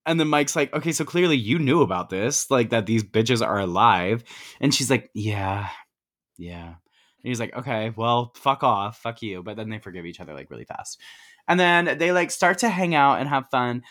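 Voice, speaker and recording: A man's voice: medium pitch, animated, fairly quick, a bit bright. A man co-hosting a podcast, casually recapping a movie scene by scene in slangy, profane talk and acting out the characters' lines in quotes. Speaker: podcast co-host.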